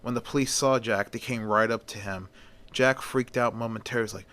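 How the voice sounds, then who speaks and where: A man telling a story in a casual, folksy way, with a voice of middling pitch. He narrates loosely, as if talking to friends. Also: steady tone, normal speed, a bit bright, smooth. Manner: folksy, often opens with "well".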